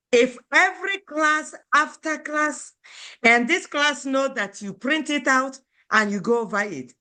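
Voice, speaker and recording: Woman language teacher, bright tone, animated pitch, encouraging and repetitive, mixing English with Igbo phrases. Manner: encouraging, coaxing, repeats phrases often. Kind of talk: adult beginner language class.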